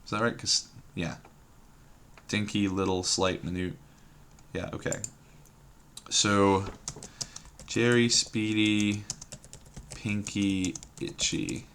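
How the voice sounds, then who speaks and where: Low, bright-toned man musing through a puzzle. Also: flat delivery, slow, long pauses, slight background noise. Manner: musing, hesitant, trailing off and repeating words to himself. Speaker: puzzle game streamer. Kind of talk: thinking aloud while solving a word puzzle.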